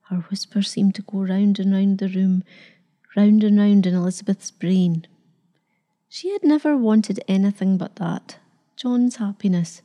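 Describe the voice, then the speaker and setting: A woman narrating a story with a very dark, mellow voice. Her reading is measured and dramatic, giving the moments room. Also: medium pitch. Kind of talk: scripted narration.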